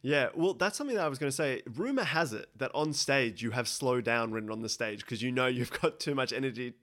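A male podcast host, asking questions in a relaxed way and laughing often. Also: medium pitch, quick pace. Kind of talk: casual interview chat.

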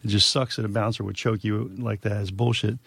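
A man's voice: on the low side, fairly even intonation, a little fast, vocal fry, a bit bright, no echo. Profane rambling man telling tour stories. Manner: rambling, profane, many fillers. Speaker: guest musician. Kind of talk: casual storytelling.

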